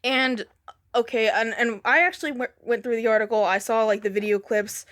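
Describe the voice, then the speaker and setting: A woman's voice: fairly high pitch, fairly even intonation, brisk, a bit bright. A woman giving a casual commentary rant in reply to another video, sarcastic and profane, with frequent ums.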